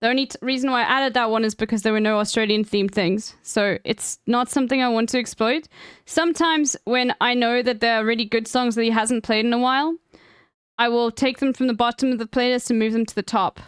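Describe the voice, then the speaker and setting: A woman's voice: on the high side, steady tone, a little fast, clean tone, no room sound, clean studio sound. A woman chatting casually on her stream, rambling and emphatic with plenty of swearing.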